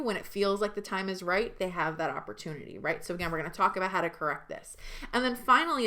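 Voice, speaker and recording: An energetic woman coach leading a live online training session. She talks straight to her viewers and leans hard on the points that matter. Her voice sits in an ordinary middle range. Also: mid-range voice. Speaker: business coach.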